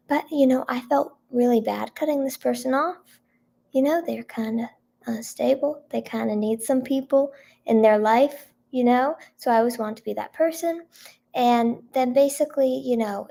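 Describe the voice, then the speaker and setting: Hoarse young-sounding woman chatting to her stream. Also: a little high, dark tone. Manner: chatty, lots of "like" and "um", thanks viewers by name. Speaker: singer-songwriter streaming to her chat. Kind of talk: casual livestream chat.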